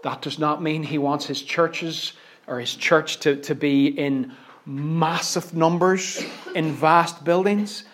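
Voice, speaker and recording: Northern Irish male preacher, higher-pitched voice, emphatic and repetitive sermon delivery. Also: steady tone, slow pace, a little hiss or hum. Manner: emphatic, with repeated phrases and swings from hushed asides to loud stresses.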